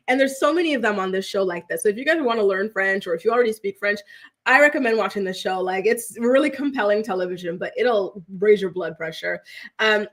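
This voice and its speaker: A woman in her thirties hosting a casual gossip show. She talks to her viewers in a chatty, animated way, keeps asking "right?", and slips into mock voices when quoting people. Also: on the high side, brisk. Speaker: host.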